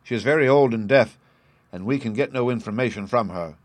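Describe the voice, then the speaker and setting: A man's voice: medium pitch, brisk, no room sound, lightly acted. A man voicing a keen young police inspector who reports details in a polite, businesslike way, in an audiobook reading.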